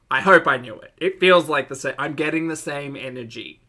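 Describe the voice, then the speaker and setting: A man with an Australian accent giving casual reaction commentary, chatty and giggly, often breaking into loud excited laughter. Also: mid-range voice, a little fast, hardly any pauses.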